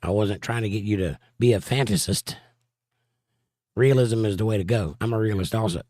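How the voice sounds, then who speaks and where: A hoarse man hosting a casual livestream, reading chat comments aloud and joking around. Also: lowish voice, normal speed, warm tone, no room sound, studio quality. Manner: joking, playful banter.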